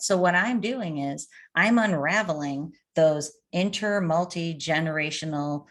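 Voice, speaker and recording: A middle-aged woman with a slightly low voice answers questions as a coach. She talks in an animated, storytelling way and uses everyday anecdotes. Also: a little slow, few pauses. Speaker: addiction coach. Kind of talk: conversational interview answers.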